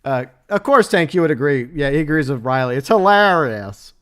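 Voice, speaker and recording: A man's voice: on the high side, lively intonation, fast, clear, resonant tone. A man hosting a casual livestream, chatting and laughing as he answers messages from his chat. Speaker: livestream host.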